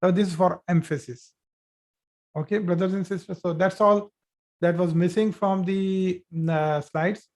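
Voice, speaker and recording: An Arabic teacher with a high, darkish voice and fairly even intonation leads a live online grammar lesson into a computer mic on a video call. He explains each point patiently and repeats example sentences, pausing often with fillers and restarts.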